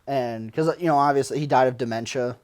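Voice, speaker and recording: A man guest-hosting a podcast in casual chat, excitable and laughing often, swearing and full of fillers. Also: mid-range voice, brisk, clean tone. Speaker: podcast producer, guest host.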